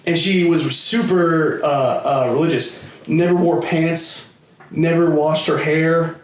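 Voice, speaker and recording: A man's voice: fairly high pitch, steady tone, takes it slowly. A man hosting a comedy podcast, telling rambling, profane family stories in a loose, casual way. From United States, Connecticut. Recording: roomy, distant camera-mic audio.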